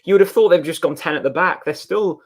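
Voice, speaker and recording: Guy hosting a footy watchalong, chatty and excitable. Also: fairly high pitch, fast talker. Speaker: co-host of a football watchalong. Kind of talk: casual live match chat.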